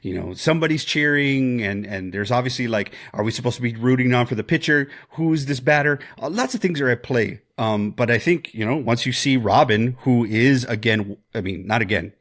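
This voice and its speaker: A man co-hosting a podcast, talking through a horror film in a rambling, animated way with jokes and swearing. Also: medium pitch, fairly quick, hardly any pauses. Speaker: podcast co-host. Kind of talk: casual film discussion.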